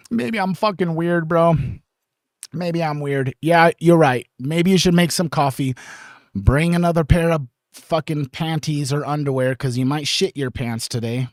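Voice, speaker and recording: A man hosting a casual livestream, rambling with many restarts, swearing and often clearing his throat. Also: fairly high pitch, dry recording, clean studio sound. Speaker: livestream host. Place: home streaming setup.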